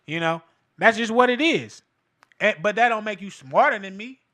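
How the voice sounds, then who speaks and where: Animated man with bright, raised voice. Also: sits high, moderate pace. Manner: animated, emphatic, street slang, frequent fillers. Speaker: podcast host. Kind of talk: casual commentary monologue.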